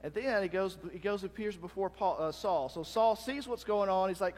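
A man preaches with an animated, storytelling delivery, now and then acting out a crowd's shouts. His voice sits a little high, and it rings in a church hall with a long reverb. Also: moderate pace. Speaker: pastor. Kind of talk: sermon.

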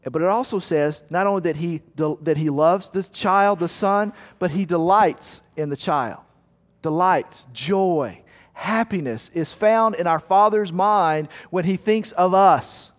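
A man's voice: a little high, a little slow. A man preaching a sermon in a church hall, earnest and emphatic, telling a story and repeating words for weight. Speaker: pastor. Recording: long hall reverb.

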